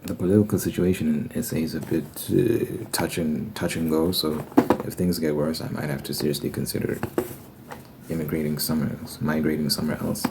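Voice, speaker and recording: A young man with an extremely deep, low voice rambles loosely in a casual ASMR chat, dropping the occasional swear word. Clear noise sits under the recording, with tapping and shuffled cards behind him. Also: level tone, a little fast. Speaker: ASMR creator. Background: tapping and card shuffling noise.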